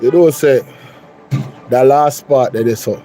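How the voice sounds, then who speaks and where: A man's voice: medium pitch, measured pace, warm tone. Sex: man. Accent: Jamaican. Role: host. Style: reaction commentary, blunt and incredulous. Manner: incredulous, blunt, mixes patois and English.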